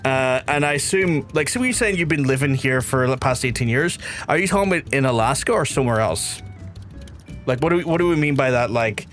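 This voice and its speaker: A young man from Belfast with a softened Belfast accent, chatting and rambling to his viewers while he streams a game. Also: mid-range voice. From Northern Ireland. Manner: rambling, chatty, reads chat aloud. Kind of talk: casual game stream chat.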